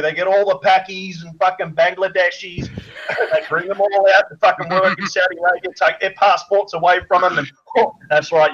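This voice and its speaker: A man's voice: high voice, a bit bright, highs cut off. An Australian man ranting in a crude, mocking way, firing off insults as a guest on a chat show.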